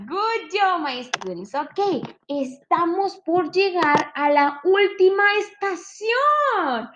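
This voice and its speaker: A woman's voice: high voice, big pitch swings, takes it slowly, hardly any pauses, fairly bright tone, highs cut off. A woman teaching young children a lesson in an exaggerated, sing-song manner, imitating animal sounds. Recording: clear background noise.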